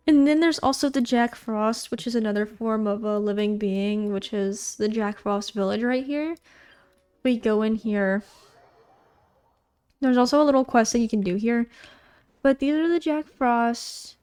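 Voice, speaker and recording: A woman's voice: a little high, moderate pace, a little mellow, clear, resonant tone. A young woman giving casual, rambling gameplay commentary, gushing and bubbly with lots of fillers. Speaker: gaming YouTuber.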